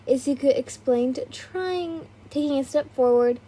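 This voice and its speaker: A woman's voice: sits high, steady tone, moderate pace, few pauses, mellow, breathy edge. A woman reading a fan fiction story aloud in a casual way, with small stumbles and asides.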